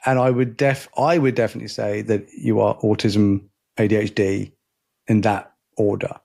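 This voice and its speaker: A man's voice: fairly low pitch, little pitch movement, moderate pace, vocal fry, darkish tone, breathy edge. A man co-hosting a casual podcast chat, rambling, restarting his sentences and laughing often. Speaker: podcast co-host.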